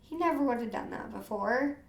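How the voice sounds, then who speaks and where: A woman's voice: fairly high pitch, lively intonation, brisk, roomy sound. A woman from the USA telling her personal story as an interview guest, earnest and tearful, repeating phrases and saying "you know" often. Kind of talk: emotional personal testimony.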